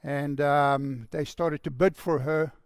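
A man preaching with a slightly higher, gravelly voice. He tells a story earnestly and softens to a near hush for the quoted lines. The sound is dry and close. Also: fairly even intonation, slow, no echo. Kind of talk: sermon storytelling.

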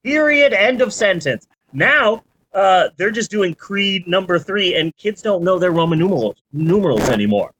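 A podcast host in their forties in casual chat, animated and swearing freely. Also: medium pitch, normal speed, hardly any pauses, slight background noise, rough recording. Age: 40s.

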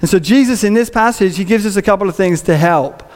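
A man's voice: sits high, fast. A man preaching a sermon in a church, conversational and humorous, acting out little scenes. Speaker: pastor. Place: church auditorium. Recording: long reverb of a large hall.

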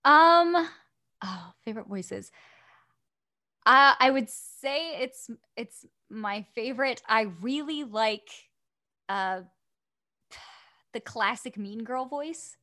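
A woman voice actor chatting casually as a podcast guest, sassy and quick to laugh. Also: on the high side, lively intonation, sharp tone. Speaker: voice actress guest.

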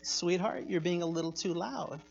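A man voicing his patient, loving mother, speaking softly and gently. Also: high-pitched, normal speed, gravelly, slightly rough, heavily acted. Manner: soft, hushed and gentle. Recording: echoey hall, dull sound.

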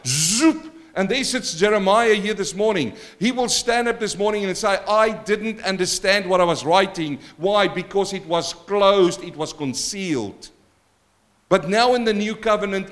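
Male pastor mid-sermon, higher-pitched, lively and questioning, booming then hushed. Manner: animated preaching with questions to the congregation; swings between loud exclamations and quiet asides.

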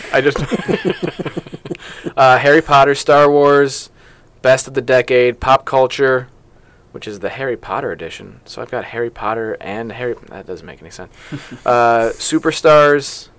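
A man with a mid-range voice hosts a podcast from a newspaper office studio. He is playful, laughs a lot and keeps a party game moving in relaxed, casual talk. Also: mid-range voice, no room sound. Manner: laughs often, upbeat and playful. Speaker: podcast host.

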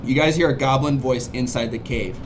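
Man narrating a tabletop game. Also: medium pitch. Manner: relaxed, drawn-out descriptive narration. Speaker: game master. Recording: noisy background.

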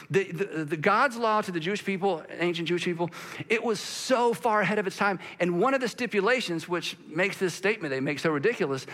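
A high-pitched man preaches a sermon as a pastor, animated and acting out the voices of the people he quotes.

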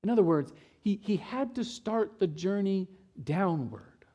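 A pastor preaching a sermon who retells scripture and voices the quotes, swinging from loud emphasis to hushed lows. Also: male voice, expressive, measured pace.

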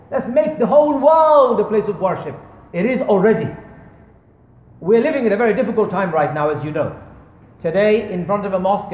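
A man's voice: sits high, a little mellow. A man giving an earnest, storytelling charity appeal in a mosque. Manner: earnest storytelling, addressing brothers and sisters. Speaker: fundraising speaker at a mosque. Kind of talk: sermon-style charity appeal. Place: large echoey prayer hall. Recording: echoey hall with long reverb.

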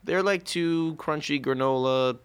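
A man's voice: a little high, a little slow, smooth. A man co-hosting a casual chat, easygoing and agreeable, often hedging his opinions. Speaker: podcast co-host.

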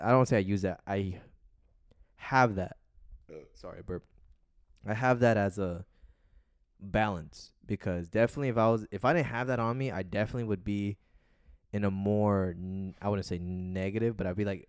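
A man with a very low voice co-hosts a casual podcast. He rambles in a relaxed, meandering way and drops swear words freely. The sound is dry and close. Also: normal speed, clean tone, no room sound. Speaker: podcast co-host.

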